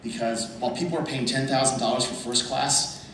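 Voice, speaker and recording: A man speaking at a convention panel, telling a story over slides in an animated way and calling the audience "folks". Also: medium pitch, brisk. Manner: animated, addresses the crowd as folks. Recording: echoey hall from far off, noisy.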